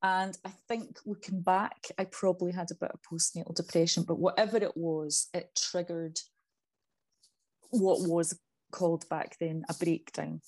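A woman's voice: on the low side, steady tone, normal speed, darkish tone. Bubbly woman in her forties. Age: 40s. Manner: bubbly, self-deprecating, laughs easily. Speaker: podcast guest. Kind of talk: casual interview chat.

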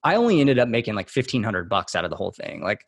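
Low-voiced man telling stories casually. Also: fast talker, breathy edge, no room sound. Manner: relaxed and rambling, with many fillers and restarts. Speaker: guest. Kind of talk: casual storytelling in a podcast interview.

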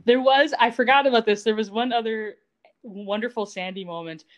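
A woman co-hosting a podcast, chatting casually and telling stories in an animated, teasing way. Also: fairly high pitch, brisk. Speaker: podcast co-host. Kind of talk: casual chat recapping a TV episode.

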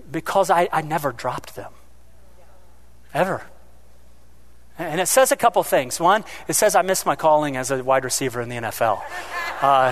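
High-voiced man preaching a lively sermon. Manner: animated, swings between loud emphasis and quiet asides; joking asides to the congregation. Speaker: pastor.

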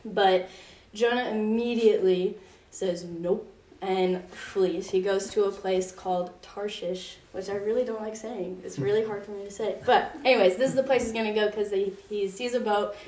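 A woman's voice: mid-range voice, fairly even intonation, normal speed, few pauses, a little mellow. Young woman, youth Bible study leader, casual and chatty, many "like"s; distant mic in an echoey room. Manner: chatty, filler-heavy storytelling with frequent "like". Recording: roomy echo from a distance.

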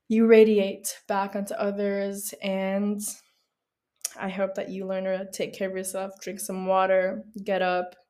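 A woman's voice: mid-range voice, a little mellow. Woman doing her solo podcast, earnest and heartfelt, chatty. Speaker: podcast host. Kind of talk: casual solo podcast talk.

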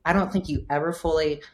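A woman physical therapist and coach, talking through her thinking in a relaxed podcast interview, filling her speech with "like.". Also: low-pitched. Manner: thoughtful, explanatory, frequent "like" fillers.

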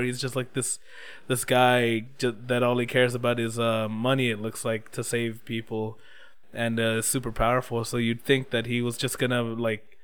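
A young man in casual chat recapping an episode, excitable and swearing freely. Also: mid-range voice, clean tone.

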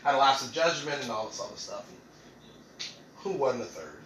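A man's voice: mid-range voice, lively intonation, moderate pace, a bit bright, reverberant, slight background noise, low-quality recording. A young man hosting a podcast, talking casually and animatedly, laughing often and acting out what others said. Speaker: podcast host.

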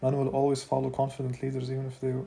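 A man voicing a blunt, proud warrior leader with a gruff, commanding way of speaking. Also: medium pitch, monotone, very fast, mellow, natural voice.

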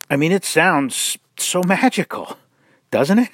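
A man preaching, blunt and mocking, with sarcastic asides, slow and deliberate, drawing out words for emphasis. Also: a little high, sing-song, a bit bright, no echo. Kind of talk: sermon-style commentary.

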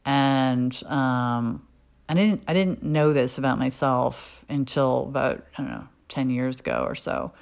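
A woman with a low-pitched voice talking in a candid personal monologue. She is middle-aged and blunt, swearing without hesitation, and circles back with plenty of ums and restarts. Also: measured pace, gravelly, darkish tone. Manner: frank and profane, with many fillers and restarts. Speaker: podcast host.

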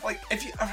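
An animated man talks through a movie review in casual podcast chat. He swears freely and laughs often as he gets going. Faint music plays behind him. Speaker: podcast co-host.

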